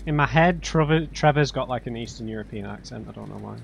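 A man commentating a blind gameplay run, chatty and self-mocking, often bursting into loud exclamations. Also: medium pitch, fast talker, gravelly, highs cut off. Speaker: let's play host. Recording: noticeable background noise.

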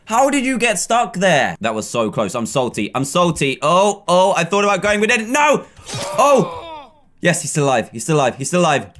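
A young man from Britain giving excitable let's-play commentary, cheering, groaning and laughing at a game. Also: sits high. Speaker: gaming YouTuber.

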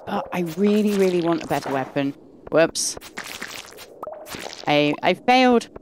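A woman hosting a gaming channel, giving excitable let's-play commentary with gasps and gushing. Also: low voice, slight background noise.

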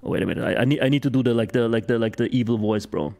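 A man who is not a native English speaker, streaming a horror game with excitable, exclaiming commentary. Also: mid-range voice, racing.

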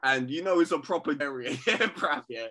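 A man, his voice slightly high and bright. He banters over a call in an animated, teasing way and swears freely. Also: brisk, a little hiss or hum. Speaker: podcast co-host. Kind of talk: casual banter.

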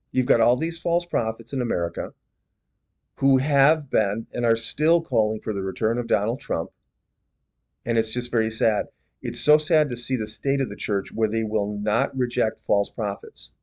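A man giving measured, disapproving commentary on religious video clips. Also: mid-range voice, darkish tone.

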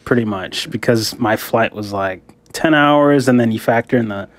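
A man's voice: medium pitch, normal speed. A man in a casual podcast chat, telling a travel story in a laid-back way and saying "dude" a lot. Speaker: podcast co-host.

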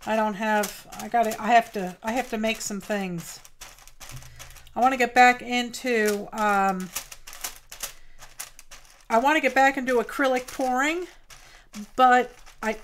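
A woman hosting a casual crafting livestream from her home studio, talking slowly and haltingly as she reads chat aloud. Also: fairly high pitch, fairly even intonation, a little hiss or hum. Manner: slow, halting and heartfelt, reading chat aloud.

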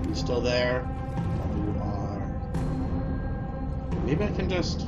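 A man doing let's play commentary who gets frustrated, swears and yells at the game. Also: medium pitch, very animated, slow pace, long pauses. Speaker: gameplay commentator. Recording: game music behind the voice.

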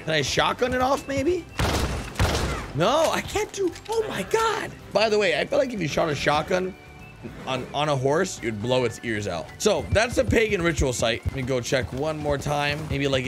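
Excitable young man narrating gameplay. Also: on the high side, normal speed, music in the background. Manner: excitable, exclamatory, talks to viewers as dudes. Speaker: gaming YouTuber.

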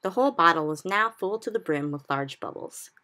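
A woman reading a children's book aloud in steady narration. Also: lowish voice, a little fast. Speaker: reader. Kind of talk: storybook read-aloud.

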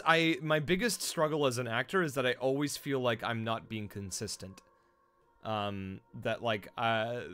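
A man of middling pitch chats loosely with his stream viewers about his voice-acting work. He rambles and restarts, with an easy, self-mocking tone. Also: fairly bright tone, clean tone. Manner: rambling, self-deprecating, many fillers and restarts. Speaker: streamer and voice actor. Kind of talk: casual stream chat answering viewers.

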